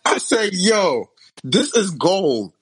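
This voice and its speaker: A man talking casually about wrestling with friends, animated and full of slang, sometimes dropping low for emphasis. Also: slow, husky, poor audio. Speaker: wrestling podcast co-host. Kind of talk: casual chat.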